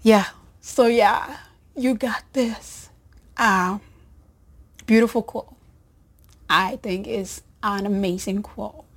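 A woman who works as a nurse, telling a personal story to her audience, emotional and rambling, with soft laughs and phrases dropped to a breathy whisper. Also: medium pitch, fairly even intonation, slow pace, long pauses. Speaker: nurse and show host.

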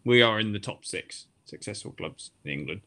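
A man's voice: lowish voice, lively intonation, moderate pace, pushed and bright. A man in a casual football discussion, explaining his views and defending his club.

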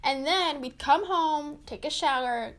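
A woman's voice: high voice, a little slow, fairly bright tone. A young woman hosting a casual chat podcast, telling stories about her childhood with her sister. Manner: storytelling, talks over her sister. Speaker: podcast host.

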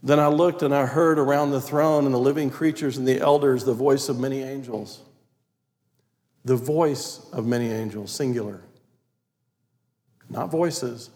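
A man preaching a sermon as pastor, reading scripture aloud and stressing key words, sometimes dropping to a quiet, prayerful tone. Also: mid-range voice, normal speed. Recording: long reverb of a large hall.

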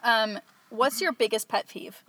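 A woman's voice: fairly high pitch, a little slow, slightly rough, no echo. Casual Californian woman podcast host. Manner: explains things in a relaxed rambling way with fillers. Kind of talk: casual chat.

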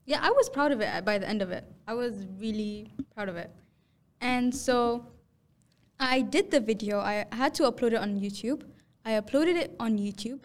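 Young woman, podcast host, higher voice, animated storyteller who acts out quotes. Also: normal speed. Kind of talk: casual storytelling chat.

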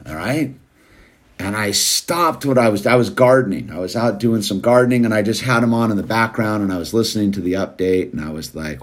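A man's voice: lowish voice, animated, normal speed, a bit bright. A man hosting a show, rambling casually in a laid-back way and calling listeners "dude.". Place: California.

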